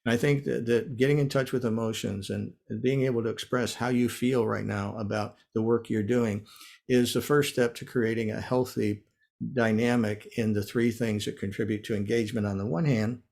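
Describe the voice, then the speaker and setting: A middle-aged man with an American accent giving a keynote lecture in a measured, earnest way, pausing on fillers and restarting phrases. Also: medium pitch, steady tone, creaky, a little mellow. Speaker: keynote speaker.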